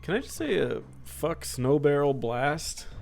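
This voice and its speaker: A man's voice: fairly high pitch, sing-song, unhurried, vocal fry, darkish tone, slight background noise. A young man co-hosting a podcast, talking about video games in a laid-back, candid way. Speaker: podcast co-host. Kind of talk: casual gaming chat.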